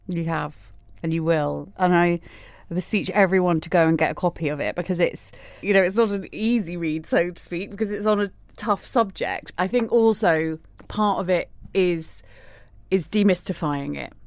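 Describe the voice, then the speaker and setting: A woman hosting a podcast, talking in an effusive, halting way with many restarts. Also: fairly low pitch, darkish tone, no room sound. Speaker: podcast host. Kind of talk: podcast interview and outro.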